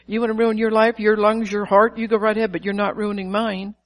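A woman's voice: mid-range voice, little pitch movement, a little fast. A middle-aged woman preaching a sermon, emphatic and calling out to her listeners. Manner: emphatic, calls to the audience.

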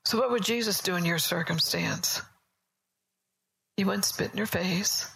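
Gravelly-voiced woman preaching softly. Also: medium pitch, measured pace, poor audio. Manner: conversational storytelling, soft and often whispery. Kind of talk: sermon. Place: church service.

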